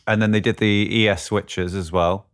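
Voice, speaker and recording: A man's voice: on the low side, steady tone, normal speed, smooth. A man co-hosting a podcast, chatting casually about guitar gear and often thinking aloud as he searches for words. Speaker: podcast co-host.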